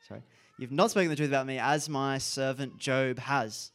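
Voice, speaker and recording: A man's voice: mid-range voice, fairly even intonation, fairly quick, few pauses. Earnest man preaching. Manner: earnest, reflective, with emphatic repeated phrases. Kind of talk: sermon.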